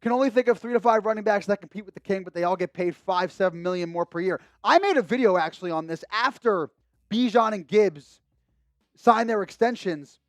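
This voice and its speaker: High-voiced man hosting a live sports stream. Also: brisk, no room sound. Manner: excitable, shouts and cheers at big moments. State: losing his voice. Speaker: sports livestream host. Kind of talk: live game commentary and chat. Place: home streaming setup with a monitor.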